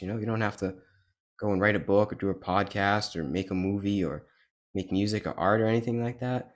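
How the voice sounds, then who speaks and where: A man hosting a podcast, talking in an earnest, emphatic way in a casual conversation. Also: on the low side. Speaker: podcast host.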